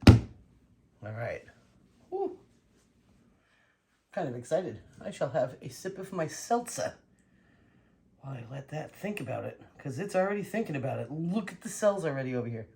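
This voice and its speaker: A woman vlogging casually while she paints, excitable and talking to herself and her dog. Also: low voice, moderate pace, creaky, pauses often. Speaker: acrylic pour painting vlogger.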